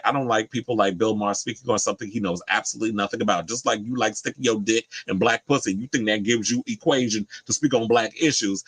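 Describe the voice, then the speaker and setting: A man's voice: fairly low pitch, dry recording, poor audio. Blunt, profane male commentator. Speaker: pop culture commentator. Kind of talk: casual commentary.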